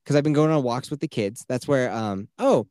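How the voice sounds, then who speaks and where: A man's voice: medium pitch, fairly quick, darkish tone, clean tone, no echo. A man co-hosting a podcast in casual chat, rambling through stories, swearing freely and laughing at his own jokes. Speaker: podcast co-host.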